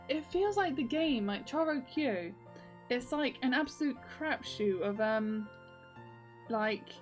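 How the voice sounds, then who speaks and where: A woman talks through a casual video diary, her voice sitting a little high. She rambles, piles up fillers and breaks into laughs often, with soft music faintly underneath. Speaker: video diarist.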